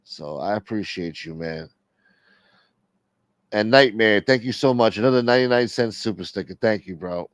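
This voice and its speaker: In an expressive, low-leaning voice at normal speed, a middle-aged livestream host chats casually, rambling, complaining, and swearing plenty. The dull lo-fi stream audio has no echo.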